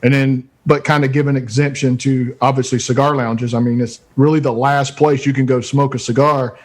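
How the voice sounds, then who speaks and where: A man's voice: medium pitch, flat delivery, moderate pace. A man guest on a podcast, speaking in an easygoing, matter-of-fact way about his trade. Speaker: guest, cigar retailer. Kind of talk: casual chat.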